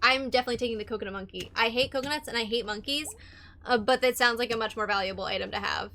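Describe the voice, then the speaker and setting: A woman's voice: fairly high pitch, racing, bright, forceful tone. A young adult woman giving casual, rambling gameplay commentary as a let's-play streamer. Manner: chatty, rambling, lots of fillers.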